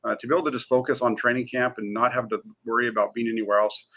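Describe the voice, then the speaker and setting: Fast, bright-voiced male sports reporter. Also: medium pitch. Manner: eager and energetic, frequent fillers. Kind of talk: casual sports talk.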